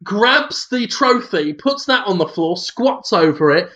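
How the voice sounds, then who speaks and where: A man's voice: sits high, lively intonation, a little slow, sharp tone, muffled recording. A man co-hosting a podcast, rambling through an improvised comic story and checking in with "right?". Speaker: podcast co-host.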